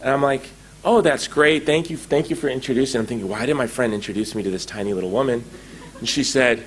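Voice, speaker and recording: A middle-aged man giving a conference talk, telling a story with lively acted-out quotes. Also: mid-range voice, fast. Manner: animated storytelling, acting out quoted dialogue. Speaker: conference speaker. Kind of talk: anecdotal public talk. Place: conference hall.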